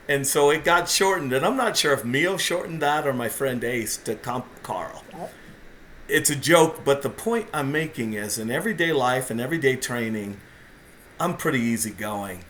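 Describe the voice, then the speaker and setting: A man's voice: medium pitch, animated, normal speed, a bit bright. Intense storytelling man, faint hiss. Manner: intense, competitive, self-deprecating. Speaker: podcast guest, jiu-jitsu competitor. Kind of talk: casual storytelling.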